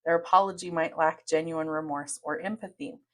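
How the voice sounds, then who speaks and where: As a podcast host, a woman with a notably low-pitched voice speaks directly to her listeners at normal speed. Her advice monologue is earnest and steady, like someone sharing lessons from experience.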